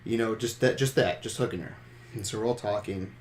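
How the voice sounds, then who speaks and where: A man's voice: fairly low pitch, darkish tone, slight background noise. A young man hosting a podcast, telling a rambling, profane story in casual chat. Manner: rambling, profane, fast anecdotes. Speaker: podcast host.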